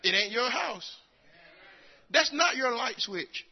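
An older man preaching a sermon, telling folksy stories with acted-out quotes and rising to shouts. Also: very high-pitched, lively intonation, slow pace, husky, in a large hall, muffled recording.

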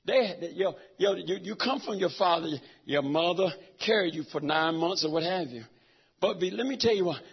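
A middle-aged man with a raspy, gravelly voice, preaching a sermon that swings from soft talk to shouts. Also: high voice, moderate pace, muffled recording. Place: church sanctuary.

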